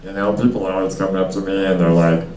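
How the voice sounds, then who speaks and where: A young man doing stand-up, his low voice wandering through loose, filler-heavy bits and crowd banter. He sounds a little distant from the mic, and the club room rings around him. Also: fairly even intonation, quick pace, a little mellow, slight background noise. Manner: rambling, loose delivery with many fillers and asides. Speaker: stand-up comedian. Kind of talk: stand-up comedy set with crowd work. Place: comedy club stage before a small audience. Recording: echoey room, miked from a distance.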